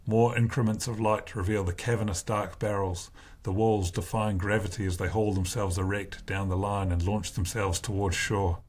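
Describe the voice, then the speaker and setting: Low husky guy narrating a story, slow and deliberate. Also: flat delivery, darkish tone. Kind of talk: first-person novel reading.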